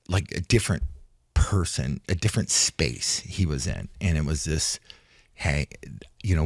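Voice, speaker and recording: A man's voice: rumbling low, darkish tone, dry recording, clean studio sound. A man and retired fighter, a guest in an interview, telling a long story in a rambling way and acting out what others said to him. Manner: rambling, restarts, acts out quoted talk. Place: studio in Hollywood.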